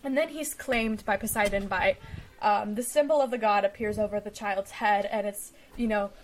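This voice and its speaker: A woman's voice: mid-range voice, moderate pace, slight background noise. A woman co-hosting a casual book chat, retelling the plot loosely with frequent laughter. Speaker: book discussion co-host.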